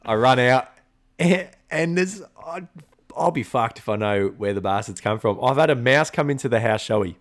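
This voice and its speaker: An Australian man co-hosting a podcast, telling animated stories in casual chat, swearing freely and laughing often. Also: medium pitch, normal speed. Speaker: podcast co-host.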